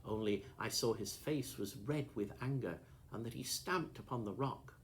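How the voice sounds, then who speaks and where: Deep-voiced male audiobook narrator. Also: a little hiss or hum. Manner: steady, measured first-person storytelling. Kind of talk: audiobook reading of a classic novel.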